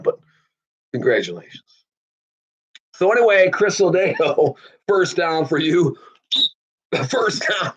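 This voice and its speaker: Blunt, animated man hosting a podcast. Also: lo-fi sound. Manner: animated, blunt, swings between loud outbursts and low asides. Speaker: podcast host. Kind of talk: casual opinion podcast monologue.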